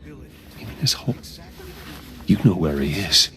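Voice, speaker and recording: A calm, guarded rich man. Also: low voice, full character voice. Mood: probing. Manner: calm, dry, measured. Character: composed wealthy man, guarded and probing. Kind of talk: video game voice acting.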